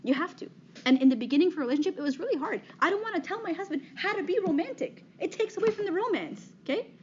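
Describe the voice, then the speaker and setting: A woman's voice: very high-pitched, animated, fast. A woman in her thirties giving a talk to an audience, direct and conversational, checking in with "okay?" after nearly every point. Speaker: speaker giving a talk on dating. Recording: slightly dull, faint background noise.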